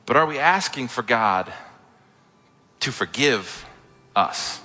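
A man's voice: mid-range voice, animated, slow, bright, forceful tone. A man preaching a sermon as a pastor, retelling a story in a casual, conversational way with asides. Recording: echoey hall.

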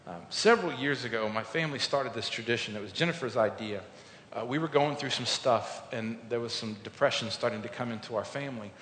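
A man delivers a sermon in an earnest, storytelling way, rising to loud emphasis and sinking to quiet reflection. His mid-pitched voice rings through a large echoey hall. A faint rumble sits under the recording. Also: a little fast. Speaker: pastor.

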